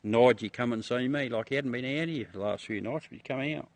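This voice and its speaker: A middle-aged Australian man hosts a livestream outdoors at night, rambling casually to his viewers in a laid-back way, chuckling and swearing freely. His voice is medium-pitched and fairly quick, with no echo.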